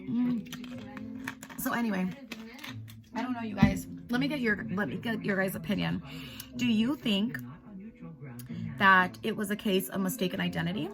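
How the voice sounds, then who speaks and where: A woman in her thirties vlogging at home, venting in a rambling, upset way with lots of "like" and "you guys" fillers. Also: mid-range voice. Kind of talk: casual chat to camera.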